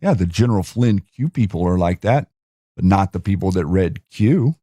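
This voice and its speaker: A man's voice: low voice, animated, moderate pace, dark tone, husky, no room sound. A man hosting a show, talking casually while screen-sharing, with rambling restarts and rhetorical questions. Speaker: host.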